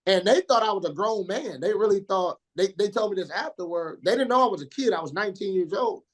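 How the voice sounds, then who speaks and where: A man in his forties from Indiana, a radio DJ telling stories as an interview guest in slangy, animated speech, acting out the people he quotes. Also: sits high, fast talker. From Indiana, USA. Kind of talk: casual storytelling interview.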